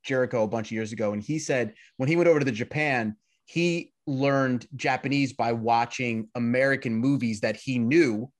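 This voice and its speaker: A male podcast host asking casual, relaxed questions in an interview. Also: mid-range voice, normal speed, hardly any pauses.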